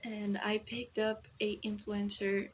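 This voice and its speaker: A woman's voice: mid-range voice, little pitch movement, slow pace, slight background noise. A young Brazilian woman, a native Portuguese speaker, rambling in casual self-deprecating talk to her phone camera at home, with a Brazilian accent tinged by American influencer speech. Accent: Brazilian, with American influencer tones. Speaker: vlogger.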